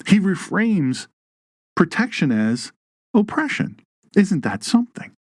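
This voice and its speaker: A man's voice: sits high, big pitch swings, slow, a little mellow, no echo, clean studio sound. A man hosting an online Bible teaching show, with a folksy, joking manner and emphatic rises on key points. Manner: folksy, jokey asides, reads live chat.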